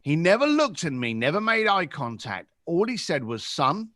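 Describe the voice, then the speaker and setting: A London-accented man in his fifties tells a story with great animation and slips into other people's voices. His voice is bright and swings widely in pitch. It is recorded dry and close. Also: moderate pace, few pauses, no room sound. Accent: London English. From England. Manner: lively, acts out voices in anecdotes. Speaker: podcast guest.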